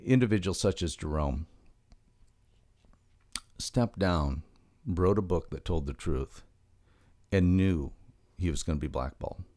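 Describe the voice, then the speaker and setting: A man's voice: low voice, a little slow, long pauses, mellow. A middle-aged man talking as a health expert guest in a podcast interview, emphatic and fond of rhetorical questions, drifting into chatty anecdotes.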